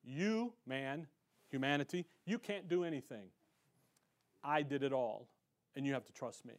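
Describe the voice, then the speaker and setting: A man preaching an animated sermon as pastor, swinging between loud emphasis and quiet asides, self-described as getting excited. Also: mid-range voice, moderate pace. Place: church sanctuary.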